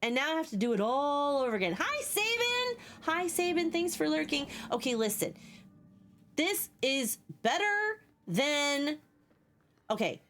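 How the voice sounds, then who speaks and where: A woman streaming a video game with a high voice that leaps up and down. She chats casually, swears at enemies and thanks her viewers warmly. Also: very animated, unhurried. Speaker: live streamer. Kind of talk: casual gaming live stream chat.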